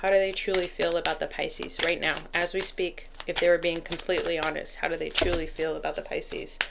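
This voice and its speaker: A woman giving a casual tarot reading in a slightly low voice. She keeps up a chatty flow, talking to the cards and to spirit as she shuffles. A faint noise runs under the recording. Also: flat delivery, fairly quick, creaky. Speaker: tarot reader.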